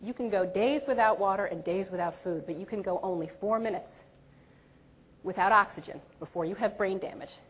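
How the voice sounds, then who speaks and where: A woman in her forties giving a humorous keynote speech on stage, animated and theatrical, with quick bursts and dramatic pauses. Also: medium pitch. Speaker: keynote speaker and performer. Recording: long reverb of a large hall.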